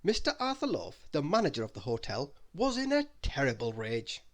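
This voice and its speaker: A man reading a children's bedtime story aloud in an animated, expressive way. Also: fairly high pitch, normal speed, few pauses.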